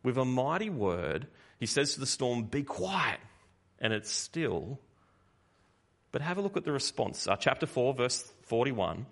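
A man preaching a sermon, animated and conversational, swinging between loud emphasis and quiet asides. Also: mid-range voice, measured pace.

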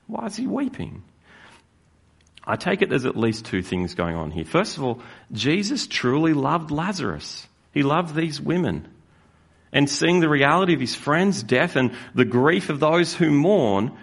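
A man preaching a sermon as a pastor, earnest and slowing down to stress key lines. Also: fairly high pitch, gravelly, husky. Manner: earnest, with slow emphatic stresses.

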